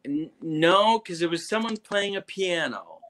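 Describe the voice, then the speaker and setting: A man's voice: sits high, animated, measured pace, fairly bright tone, slight background noise. A man joining a casual live-stream chat as a guest, hesitant and searching for words.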